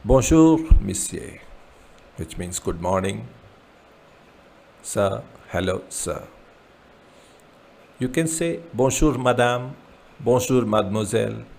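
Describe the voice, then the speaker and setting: A man teaching a beginner French lesson, repeating each word slowly with its meaning. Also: lowish voice, vocal fry. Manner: slow, repeats words with translations. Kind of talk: slow beginner language lesson.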